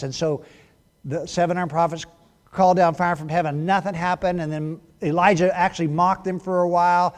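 A man's voice: high voice, moderate pace. Conversational male pastor preaching. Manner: conversational preaching, swings between hushed and animated. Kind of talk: sermon.

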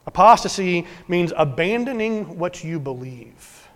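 A man preaching a sermon as pastor, earnest, swinging from emphatic to hushed. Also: high voice, lively intonation, a little slow. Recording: long hall reverb.

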